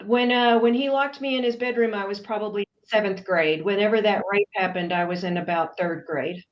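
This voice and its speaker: A woman's voice: mid-range voice, steady tone, a little fast. Middle-aged woman from texas, serious and emphatic, talking as a guest, kinda dull muffled sound. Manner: earnest, emphatic. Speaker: guest, anti-trafficking advocate. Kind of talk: interview.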